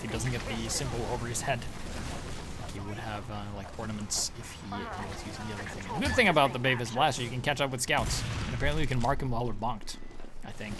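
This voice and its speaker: A man commentating over video game footage, excitable and profane, often breaking into shouts and laughter. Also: medium pitch. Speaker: gaming commentator.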